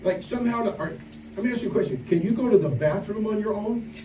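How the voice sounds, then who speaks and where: A man preaching a camp sermon, telling stories in an animated way and acting out the voices of the people in them. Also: high voice, fast, slight background noise. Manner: animated storytelling, acts out quoted voices. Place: large room at a camp meeting. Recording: echoey room, distant mic, faint ambience.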